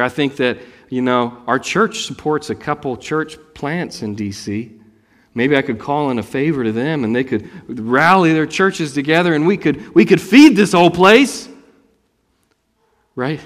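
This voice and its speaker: A man from North Carolina preaching a sermon as a pastor, telling stories with swings from loud emphasis to soft asides. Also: medium pitch, in a large hall. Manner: animated storytelling, rising loud for emphasis and dropping soft. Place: church sanctuary.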